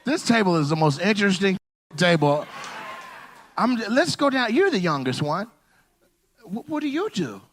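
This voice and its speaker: Stand-up comic, male, crowd work, high lively voice, teasing and loud. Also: moderate pace, long pauses, slight background noise. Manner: loud, teasing, shouts punchlines. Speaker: stand-up comedian. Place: comedy club stage.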